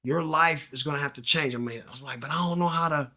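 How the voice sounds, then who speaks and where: A man's voice: a little high, quick pace, pushed and bright. A man guest telling his story in slang, acting out the voices in quoted dialogue and dropping to a near-whisper at tense moments. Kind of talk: candid storytelling interview.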